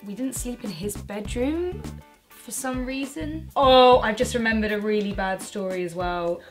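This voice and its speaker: A woman in her twenties, co-hosting a casual chat and telling a frank, animated story with plenty of swearing. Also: fairly high pitch, unhurried, soft background music. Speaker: co-host.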